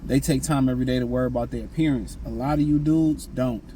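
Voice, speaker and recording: A man's voice: mid-range voice, quick pace, warm tone, a little hiss or hum, low-quality recording. A man giving blunt, slangy dating and self-improvement advice in a casual, repetitive monologue.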